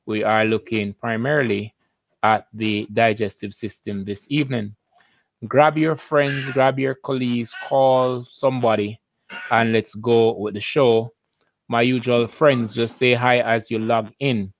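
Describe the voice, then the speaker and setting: A man's voice: mid-range voice, steady tone, measured pace, no echo. A Jamaican man, a biology teacher, hosting a live-stream lesson, chatty and upbeat as he greets viewers by name.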